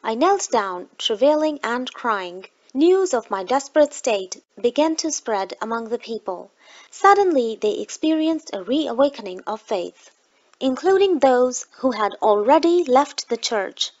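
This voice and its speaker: A woman reading a book aloud in the first person, with a slow, even delivery. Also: a little high, highs cut off. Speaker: audiobook reader.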